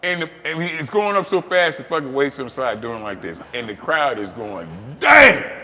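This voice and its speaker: A man hosting, telling a story casually, swearing freely and breaking into loud, animated outbursts. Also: mid-range voice, a little fast, long reverb tail. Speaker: host.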